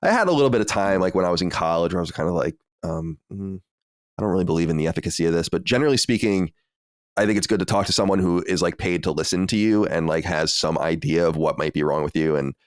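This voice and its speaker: A man co-hosting a podcast, talking quickly and earnestly in a reflective, casual chat. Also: low-pitched, expressive, dry recording, clean studio sound. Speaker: podcast co-host.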